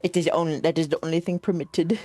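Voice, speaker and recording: A woman's voice: sits low, fairly even intonation, fast talker, mellow, no room sound, soft background music. A woman streaming a game, chatty and giggly, reading the dialogue aloud as she plays, with hiccups. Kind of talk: casual game stream commentary.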